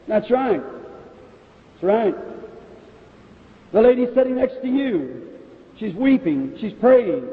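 A man preaching at a faith healing service, calling out people in the audience one by one, in an old hall recording. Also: very high-pitched. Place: large hall. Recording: old echoey hall recording, phone-like sound.

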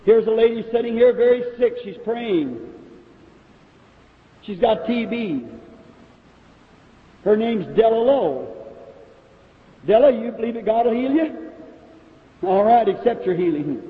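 A man's voice: very high voice, lively intonation, measured pace, pauses often. A man preaching at a faith healing service, calling out people in the audience one by one, in an old hall recording. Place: large hall. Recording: old echoey hall recording, phone-like sound.

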